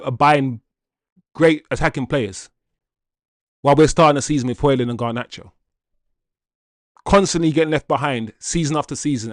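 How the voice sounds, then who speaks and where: A man's voice: fairly high pitch, no room sound, clean studio sound. A man hosting a live fan stream, talking straight to his chat in an exasperated way and reading out viewer comments. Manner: reads viewer comments aloud. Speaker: livestream host.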